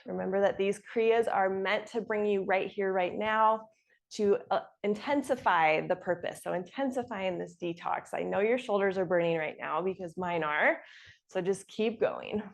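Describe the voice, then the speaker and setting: A young woman leads a yoga class in a calm, encouraging voice. She talks you through each pose and laughs softly now and then. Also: medium pitch, moderate pace, creaky. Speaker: yoga instructor. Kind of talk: guided yoga class instruction.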